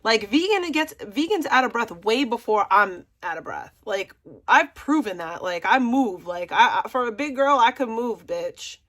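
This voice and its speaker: A woman's voice: fairly high pitch, expressive, normal speed, few pauses, a bit bright. Sassy mocking woman streamer. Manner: mocking, laughing, sassy slang. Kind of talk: casual livestream commentary.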